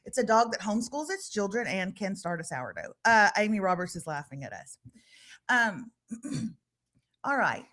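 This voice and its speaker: A woman hosting a podcast in casual chat, animated and joking. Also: medium pitch, moderate pace. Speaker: podcast host. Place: live podcast recording.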